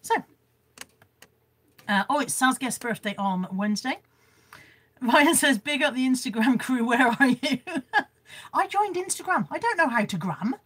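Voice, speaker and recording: A chatty woman talks casually on a home live stream, her voice husky and froggy from a cold. She sits fairly high in pitch, and her delivery is lively and self-mocking as she greets viewers by name. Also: unhurried, long pauses. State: hoarse from a cold. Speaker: vlogger hosting a live stream. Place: indoors at home.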